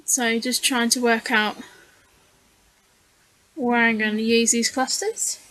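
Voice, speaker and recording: A woman's voice: on the high side, steady tone, takes it slowly, bright, forceful tone, no echo, low-quality recording. A tired woman casually narrating her scrapbooking process in a voice-over, rambling and hesitant with frequent fillers. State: tired, yawning. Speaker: scrapbooking channel host.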